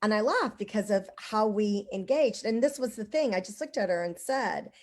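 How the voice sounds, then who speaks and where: A woman's voice: mid-range voice, animated, moderate pace, darkish tone. A woman hosting a casual online conversation, telling stories in a rambling way with lots of "like" and "you know".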